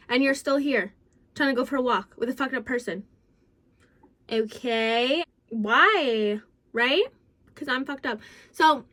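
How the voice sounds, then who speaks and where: Woman with a high voice telling a storytime, rambly, lots of likes and swearing, voice jumps up and down. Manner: rambling, filler-heavy, swears freely; sudden jumps in pitch and loudness. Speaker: vlogger. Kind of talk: casual storytime chat.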